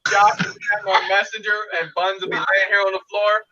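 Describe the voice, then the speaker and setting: High-voiced man, noisy lo-fi mic. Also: flat delivery, normal speed. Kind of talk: casual chat. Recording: dull lo-fi sound with clear noise.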